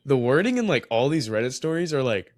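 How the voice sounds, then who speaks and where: A young man co-hosts a podcast, telling a story with lively energy and breaking into laughter often. His voice sits at a middle pitch and is recorded close and dry, with no room around it. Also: fast, no room sound. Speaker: podcast co-host. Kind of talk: casual chat, reading a story aloud.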